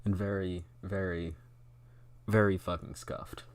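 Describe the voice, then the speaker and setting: A young man talks into a close studio microphone, riffing in casual stream commentary. His voice sits a bit low, and his delivery is sarcastic and mocking, peppered with swearing. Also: little pitch movement, a little slow, a little hiss or hum. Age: young adult. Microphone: close studio mic.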